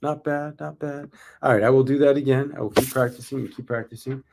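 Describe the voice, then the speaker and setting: A man in his forties with a gravelly, creaky voice, working through a rehearsal of a motivational talk. He stops, restarts and comments on his own delivery in a loose, casual way. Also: medium pitch, fairly even intonation, a little fast, noisy background. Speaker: sales coach.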